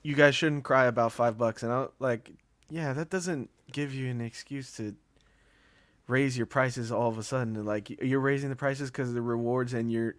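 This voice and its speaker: A man's voice: mid-range voice, steady tone, moderate pace, no room sound. Blunt mocking male co-host. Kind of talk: casual livestream chat.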